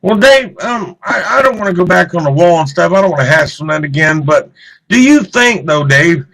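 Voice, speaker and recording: Male radio co-host, high and bright, heated and repetitive. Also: lively intonation, normal speed, creaky, low-quality recording. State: clearing throat, choked up. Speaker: radio talk show co-host. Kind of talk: live political talk radio.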